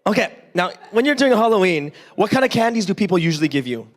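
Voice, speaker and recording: His voice sits high and he talks fast: a Canadian preacher at a church service giving an interactive sermon. He narrates with gusto, performs small voices, quizzes the congregation and repeatedly checks in with "right?".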